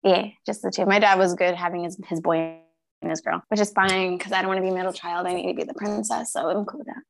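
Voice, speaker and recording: A woman's voice: fairly low pitch, steady tone, quick pace, creaky. A woman in casual podcast chat, telling family stories with laughter and some swearing.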